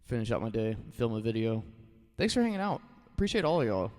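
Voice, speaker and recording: Thirties male streamer, easygoing and rambling, mid-pitched, long room reverb with soft guitar behind. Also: fast talker. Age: 30s. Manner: relaxed and rambling, thanking viewers, full of "like" and "you know". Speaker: guitarist streaming live to viewers. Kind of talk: casual live-stream chat.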